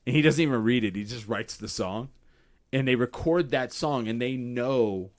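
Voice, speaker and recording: A man's voice: medium pitch, moderate pace. A man hosting a casual podcast chat, telling stories with lots of swearing and acting out what people said. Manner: profane, animated storytelling acting out quotes. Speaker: podcast host.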